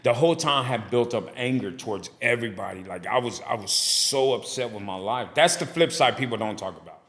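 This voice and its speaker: This middle-aged man, a pastor who also owns a barbershop, is a guest on a casual podcast, animatedly telling stories and impersonating the people in them. He talks a little fast, at medium pitch.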